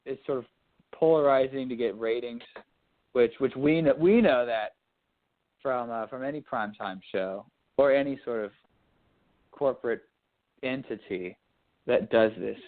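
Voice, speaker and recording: A man's voice: mid-range voice, measured pace, long pauses. Rambling young man from Dallas, tinny. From Dallas, Texas. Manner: rambling, restarts mid-thought. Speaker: radio show co-host. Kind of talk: casual sports and politics talk. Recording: phone-line quality audio.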